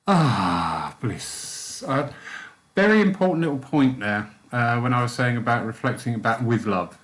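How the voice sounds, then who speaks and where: A man leading a church group's guided meditation, then chatting casually with them in a gentle, soft-spoken way. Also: medium pitch, expressive, measured pace. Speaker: spiritualist church meditation leader.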